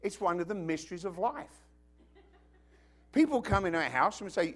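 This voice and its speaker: Lively British preacher, high and animated. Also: male voice, normal speed, long pauses. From Britain. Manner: emphatic, joking, asks the congregation questions. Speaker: pastor. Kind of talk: sermon.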